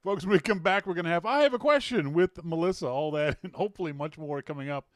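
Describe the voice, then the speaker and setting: A man's voice: fairly high pitch, quick pace, no echo, clean studio sound. A man hosting a podcast, bantering casually with a guest and laughing often. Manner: laughs often, playful teasing. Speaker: podcast host.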